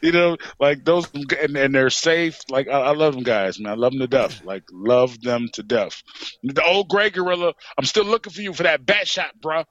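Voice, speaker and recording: Excited wrestler guest, bright tense voice. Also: male voice, fairly high pitch, normal speed, no echo, lo-fi sound. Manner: excited, repeats "you know what I'm saying". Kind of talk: animated storytelling in a podcast interview.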